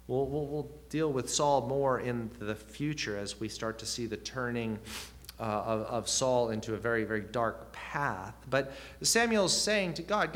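A man's voice: mid-range voice, a little slow, a bit bright. Earnest male preacher delivering a sermon. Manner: earnest, rising and falling emphasis, asks the listeners questions.

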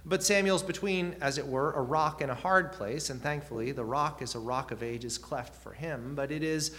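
A man's voice: fairly high pitch, moderate pace, fairly bright tone. A man preaching a sermon, earnest, with rising and falling emphasis and questions put to the listeners.

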